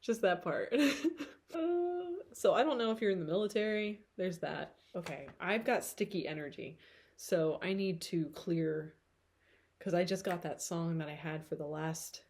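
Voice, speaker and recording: A woman's voice: fairly low pitch, a little slow, a little mellow. A woman with a tired throat giving a casual tarot reading to camera, chatty and rambling with frequent laughter. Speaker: tarot reader.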